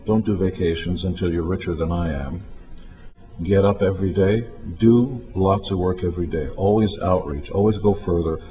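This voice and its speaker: A man's voice: deep voice, moderate pace. A man giving blunt, commanding work advice. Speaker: motivational speaker. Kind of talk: advice talk. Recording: dull lo-fi audio with faint music.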